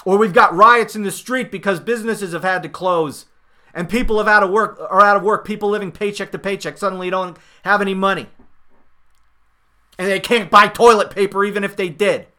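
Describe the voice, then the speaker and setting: Sarcastic, bright-voiced male podcast host. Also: sits high, fairly even intonation, brisk. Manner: sarcastic, mocking paraphrases of others; emphatic, rising and falling loudness. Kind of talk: political commentary monologue.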